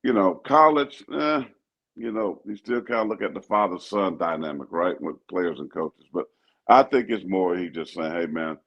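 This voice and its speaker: An older man, a pastor and co-host, talking sports in an animated, preachy way that repeats itself. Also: low voice, normal speed, highs cut off. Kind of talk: casual sports talk.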